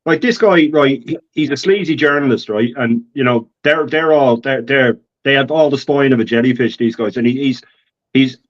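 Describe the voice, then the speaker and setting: A man's voice: mid-range voice, normal speed, lo-fi sound. A male guest in a casual call-in chat, ranting heatedly and stumbling over restarts.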